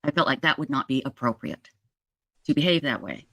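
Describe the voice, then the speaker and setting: A woman's voice: a bass voice, very animated, fairly quick, gravelly, fairly bright tone, no echo, studio quality. A middle-aged woman telling a story in a monologue, acting out the quoted dialogue with lots of animation. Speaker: true crime podcaster.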